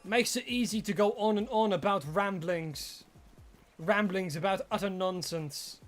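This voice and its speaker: An Australian game streamer chatting playfully and rambling on a live stream, breaking into excited yelling. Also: medium pitch, measured pace, faint music behind. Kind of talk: live gameplay stream chat.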